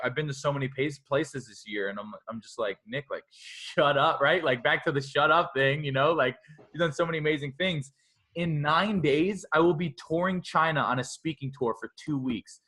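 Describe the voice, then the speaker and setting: A man in his twenties, a podcast guest, talking in a rambling, energetic way full of "like" and quick self-talk. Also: medium pitch. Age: 20s. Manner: energetic, rambling, heavy use of "like"; self-talk in a scolding inner voice. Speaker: interview guest. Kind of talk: casual podcast conversation.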